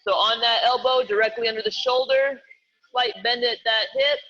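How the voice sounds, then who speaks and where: A man's voice: extremely high pitch, steady tone, normal speed, pushed and bright, lo-fi sound. A man coaching a live online workout, calling out exercises and reps in an upbeat, joking way. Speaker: fitness coach.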